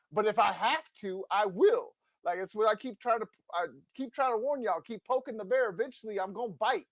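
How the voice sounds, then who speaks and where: A high-voiced male co-host of a sports podcast launches a fired-up rant, combative and emphatic, right into a close mic. There's no room sound in the recording.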